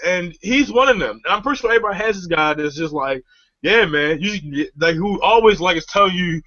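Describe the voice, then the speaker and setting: A man co-hosting a talk show, delivering a profane comic rant full of swearing and quick mimicry of others. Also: high-pitched, lively intonation, sharp tone. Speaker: podcast co-host. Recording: dull lo-fi audio.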